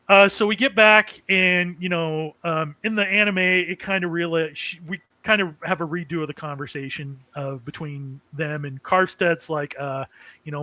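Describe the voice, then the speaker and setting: A man's voice: fairly high pitch, steady tone, normal speed, bright, forceful tone, dry recording, low-quality recording. A man hosting a casual anime recap, rambling with many fillers and chuckling as he goes. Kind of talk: casual chat.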